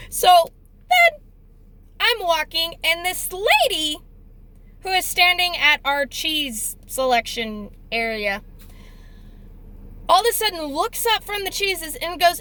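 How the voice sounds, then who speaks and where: A woman's voice: extremely high pitch, big pitch swings, a little slow, pauses often, pushed and bright, rough recording. A young woman telling a workplace story in a chatty, exasperated way, casual storytime vlog. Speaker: deli worker telling a story.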